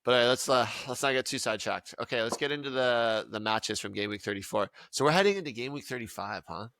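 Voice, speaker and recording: A man's voice: medium pitch, quick pace, creaky, background noise. A man hosting a casual sports podcast, rambling and often trailing off to restart his sentences. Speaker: podcast host.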